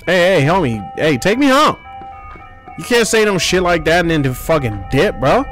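A man giving loud, profane horror game commentary as a gaming streamer, trash-talking at the screen. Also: fairly high pitch, sing-song, normal speed, faint music behind.

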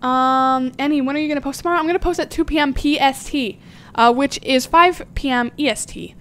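Giggly high-voiced young woman streamer. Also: brisk, a bit bright. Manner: giggly, chatty, thinks aloud while playing. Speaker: game livestreamer. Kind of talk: casual livestream chat.

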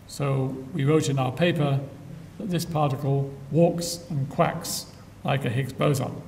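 An older man giving a public science lecture with dry humor and frequent filler pauses, recorded in a lecture hall from a distance. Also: fairly even intonation, creaky, darkish tone. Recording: echoey hall from far off, faint rumble.

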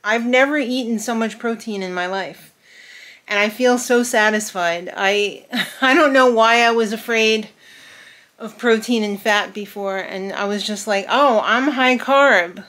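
A young adult woman giving a casual, chatty vlog update, upbeat and quick to laugh. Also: mid-range voice, fairly bright tone. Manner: chatty, upbeat, laughs often, many fillers and restarts. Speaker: vlogger host.

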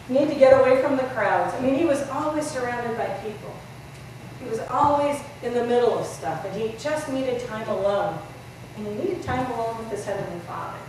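A woman pastor delivering a sermon, retelling a story with lively questions to her listeners. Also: fairly high pitch, a little hiss or hum. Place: large church sanctuary. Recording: roomy echo, voice from far off.

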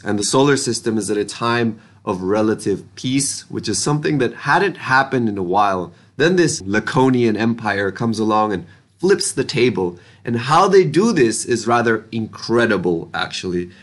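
A young man reviews a sci-fi novel in a casual vlog, talking with loose, slangy enthusiasm. His voice sits on the lower side for a man. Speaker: book reviewer.

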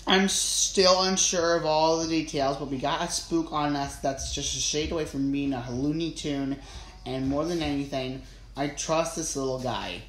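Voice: mid-range voice, moderate pace, fairly bright tone, a little hiss or hum, natural voice. A narrator doing a flustered cop. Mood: earnest. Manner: flustered, rambling. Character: nervous small-town policeman, man. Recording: roomy with faint ambience.

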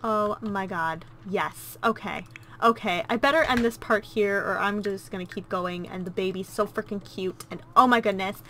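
A woman's voice: mid-range voice, moderate pace, pushed and bright, a little hiss or hum. A woman hosting a let's play, chatting casually and gushing as she comments on her gameplay. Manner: gushing and cooing, easily delighted.

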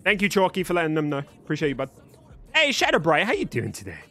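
A man's voice: a little high, very animated, racing, a bit bright, soft background music. Chatty British young man streaming live. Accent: British English, mostly neutral. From Birmingham, England. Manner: chatty, thanks viewers and reads out chat. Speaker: streamer host. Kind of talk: casual live-stream chat.

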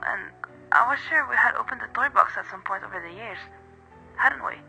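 A man reads a first-person horror story aloud in a measured, brooding manner. His tone is very bright, with a gravelly rasp underneath. Faint music sits under the reading. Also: high voice, low-quality recording.

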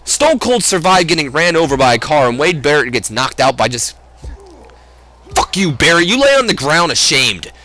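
A man casually chatting while playing a wrestling video game, swearing loudly in excited outbursts. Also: on the high side, normal speed. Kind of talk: profane casual let's-play chat.

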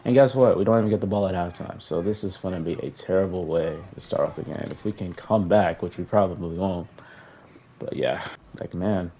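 Young gaming commentator, male, deep and dark-toned, frustrated running play-by-play of his own match. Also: brisk, slight background noise. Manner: frustrated, talks to players on screen, flat sighs between outbursts. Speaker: gaming YouTuber. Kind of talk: casual gameplay commentary.

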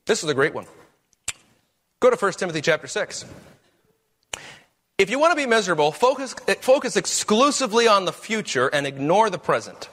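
A man's voice: high voice, big pitch swings, fairly quick, pauses often, fairly bright tone. A man preaching a sermon as pastor, with emphatic, rising questions.

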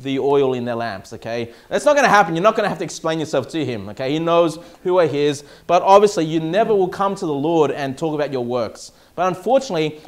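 A man's voice: fairly high pitch, expressive, quick pace, hardly any pauses. A male pastor preaching a sermon, emphatic and often checking in with "okay?" and "all right?".

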